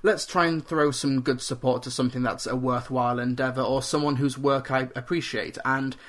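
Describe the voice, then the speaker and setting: A man talks alone into a home computer microphone, hosting his own podcast. He keeps his voice level and flat, staying on one even note. He is earnest and stops to correct himself as he tries to cut out filler words. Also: mid-range voice, brisk. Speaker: podcast host. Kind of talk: solo podcast talk.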